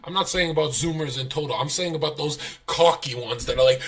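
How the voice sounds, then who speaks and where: A man's voice: on the high side, fairly quick, few pauses. A young man telling stories on a livestream, swearing, laughing and acting out what people said. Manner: profane, animated storytelling, laughs, acts out quotes. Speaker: streamer guest. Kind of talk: casual livestream chat.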